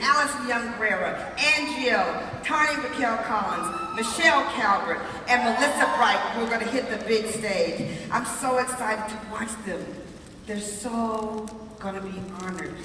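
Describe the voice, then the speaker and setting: A woman's voice: a little high, moderate pace, noisy background. Exuberant woman speaking in an echoing arena. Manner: exuberant, rhyming chant, repeats "so excited". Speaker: sales director speaking on stage. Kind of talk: motivational stage speech. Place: large arena with audience. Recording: echoey arena from far off, loud crowd.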